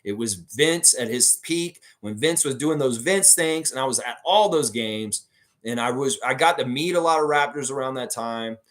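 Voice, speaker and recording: Guy hosting a livestream, rambling thru chat comments, lots of uh and like, middle-pitched ordinary voice. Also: animated, normal speed, fairly bright tone. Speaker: host of a fan livestream. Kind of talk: casual livestream chat answering viewer comments.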